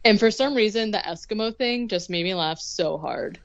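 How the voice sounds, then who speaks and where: A woman's voice: medium pitch, moderate pace, muffled recording. A woman co-hosting a podcast, casually recapping an episode and padding her sentences with "like" and "um". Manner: chatty, leans heavily on "like" and "um". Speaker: podcast co-host.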